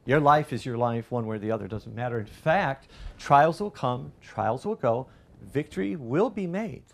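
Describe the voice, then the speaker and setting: A middle-aged man preaching a sermon as pastor, rising loud and animated through lists and quoted cries. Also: medium pitch, moderate pace, vocal fry.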